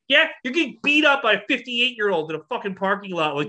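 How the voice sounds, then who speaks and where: A co-host rants in casual chat, blunt and mocking, swearing often. The voice is bright and edged, at a middling pitch. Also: quick pace, few pauses. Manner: blunt, mocking, profane ranting. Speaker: podcast co-host. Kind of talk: casual wrestling talk chat.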